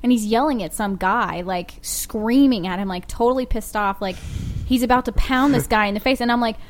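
Animated woman telling a travel story. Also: a little high, fairly quick. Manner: animated storyteller, laughs often. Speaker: podcast co-host. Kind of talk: casual chat.

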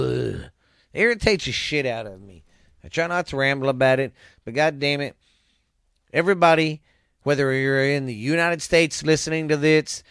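Recorded at studio quality with no room sound, this show host has a mid-range, fairly bright voice that's clear and resonant. He's an adult with children, and he delivers a profane, angry rant to his listeners, cursing nonstop and wandering off course.

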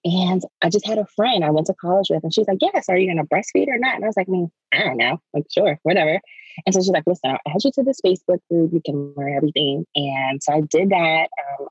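Woman guest from Maryland, low husky voice, muffled remote line. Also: no room sound. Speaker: podcast guest, breastfeeding specialist. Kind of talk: casual interview.

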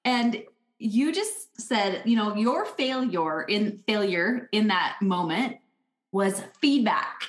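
A woman co-hosting a podcast in casual chat, animated and acting out little quoted thoughts. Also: medium pitch, slow pace, roomy sound. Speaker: podcast co-host.

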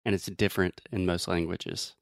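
A man with a fairly low voice teaches English pronunciation in a relaxed, joking way. He slows down to give example after example. The sound is dry and close. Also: gravelly, no room sound. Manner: playful, explains slowly with examples. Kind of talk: casual pronunciation lesson.

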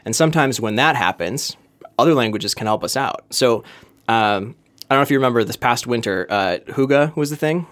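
A man from Minnesota co-hosting a podcast, explaining ideas in a relaxed, conversational way with frequent fillers. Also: mid-range voice, moderate pace. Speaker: podcast co-host. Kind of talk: casual chat.

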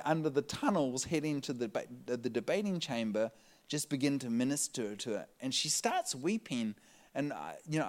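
A man with a voice on the high side preaches a sermon, animatedly telling his audience a story, laughing often and getting louder as his excitement builds.

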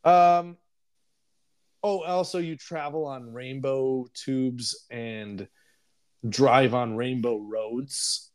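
A man's voice: mid-range voice, fairly even intonation, very slow. A young man co-hosting a podcast, casually recapping a film in a rambling way and laughing often. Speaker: podcast co-host. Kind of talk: casual chat, movie review.

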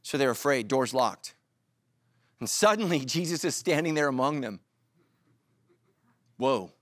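A man's voice: medium pitch, unhurried, dry recording, studio quality. A middle-aged man preaching a sermon as a pastor, telling stories with jokes and acting out quotes. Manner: animated storytelling with jokes and acted-out quotes.

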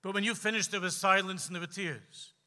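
A man's voice: high voice, steady tone, brisk, sharp tone. A man, a preacher, voicing an earnest young poetry winner who asks questions eagerly.

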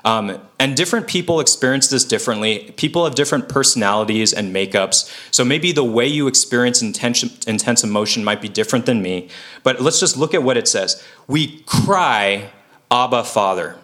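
Bright-voiced man preaching casually. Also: mid-range voice, expressive, brisk. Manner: earnest and informal, many fillers and self-corrections. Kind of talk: conversational Bible teaching.

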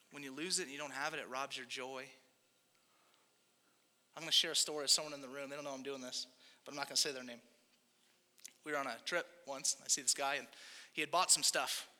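A man's voice: sits high, bright, forceful tone. A young man preaching a sermon in a casual, conversational way, with frequent asides to the congregation. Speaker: pastor. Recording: long hall reverb.

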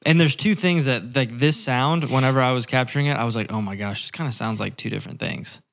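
A man's voice: medium pitch, fast talker, vocal fry, a bit bright. A young man from Northwest Arkansas co-hosting a casual podcast, teasing and quizzing his guest. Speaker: podcast co-host. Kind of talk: casual chat.

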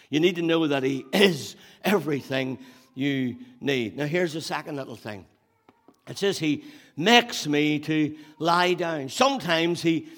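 A male pastor giving a sermon, building up to loud emphatic repeated phrases and dropping back to storytelling. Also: medium pitch. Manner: preaching with rising emphatic repetition. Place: church hall. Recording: long hall reverb.

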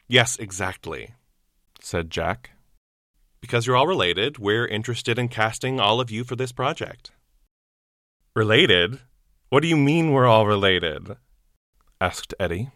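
A young man with a bright, forceful, fairly low voice reads a short story, giving each character a lively voice. The sound is close and dry, with no room around it. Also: measured pace, long pauses, no room sound. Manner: acts out dialogue with lively voices. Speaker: actor reading a short story. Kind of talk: storytelling narration and casual reflection.

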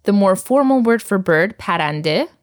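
A woman's voice: mid-range voice, lively intonation, brisk. A woman teaching a recorded language lesson, patiently drilling words and laughing often.

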